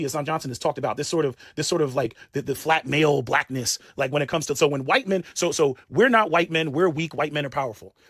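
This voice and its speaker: A man rants fast in heated commentary, tripping over repeated words and swearing freely. His voice sits a little high and rises sharply when he is incredulous. The sound is dry and close. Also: no echo. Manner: profane, repeats and stumbles, rising to shouts of disbelief. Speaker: host.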